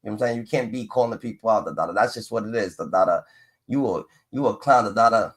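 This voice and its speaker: Speaking fast in a voice on the low side, a man streams a ranting reaction to clips, full of profanity and mockery. He pads his lines with filler chants that he repeats.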